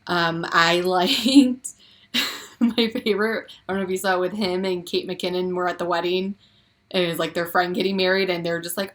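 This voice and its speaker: A woman's voice: fairly low pitch, fairly even intonation, moderate pace. Woman cohost gushing about tv, giggles a lot, says like constantly. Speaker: podcast co-host. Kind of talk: casual pop culture chat.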